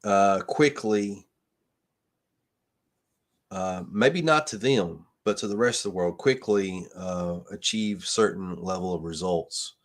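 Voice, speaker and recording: A man's voice: low voice, normal speed, hardly any pauses. Rambling, earnest man hosting a late-night stream. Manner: rambling, with many restarts and fillers; earnest, motivational sign-offs. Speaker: livestream host. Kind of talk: casual livestream chat.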